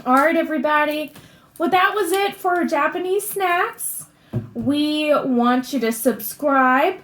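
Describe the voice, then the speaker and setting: Woman vlog co-host, slow and high-pitched, casual tasting chat. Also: a bit bright, roomy sound. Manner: unhurried, thoughtful commentary. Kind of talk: casual taste-test chat.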